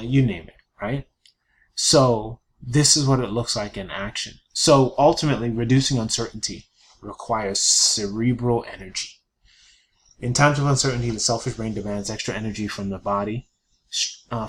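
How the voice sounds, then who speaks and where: A man's voice: fairly low pitch, fairly bright tone, slight background noise. A man presenting a productivity webinar in a casual lecturing style, peppered with "you know" and "right?". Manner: chatty, fillers and tag questions.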